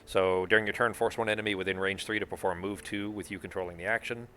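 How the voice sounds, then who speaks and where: A man's voice: fairly low pitch, steady tone, fast, bright, forceful tone, a little hiss or hum. A man acting as game master for a tabletop board game, thinking aloud, counting moves and swearing casually.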